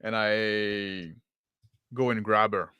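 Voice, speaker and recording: A man's voice: on the low side, fairly even intonation, takes it slowly, sharp tone, clear, resonant tone, no echo, dull audio. A man playing a tabletop game, casually narrating his character's actions. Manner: casual, filler-heavy with like. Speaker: player.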